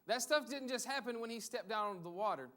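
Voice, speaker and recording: A man's voice: very high voice, lively intonation, quick pace, pushed and bright. A man preaching a conversational sermon, repeating phrases for emphasis. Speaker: pastor.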